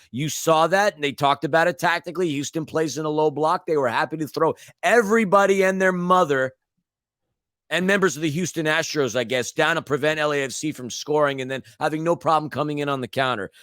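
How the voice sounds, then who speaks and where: A man's voice: on the high side, fairly quick, fairly bright tone, no room sound. A man co-hosting a podcast, recapping a soccer match in casual chat with blunt rants and sarcastic asides. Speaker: podcast co-host.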